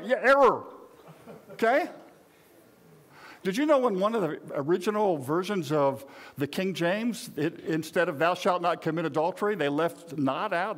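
A pastor in his sixties with a notably high voice preaches in a loose, conversational way. He jokes with the congregation and speaks straight to them in a folksy tone. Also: fairly bright tone. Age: 60s. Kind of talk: conversational sermon.

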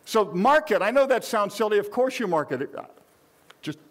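Older man, pastor preaching, high-pitched voice, loose conversational delivery, lots of restarts and asides. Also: sing-song, moderate pace. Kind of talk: sermon.

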